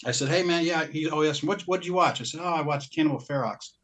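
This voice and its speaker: This podcast co-host speaks rapid-fire in a slightly high, fairly bright voice. He chats loosely about his purchases, drifting off topic, breaking off partway through sentences, and laughing frequently.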